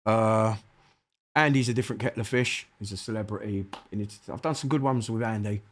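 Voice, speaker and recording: In a casual interview, a middle-aged guest MC with a South London accent delivers fairly quick, sweary, animated anecdotes, performing the dialogue himself. His pitch runs fairly low.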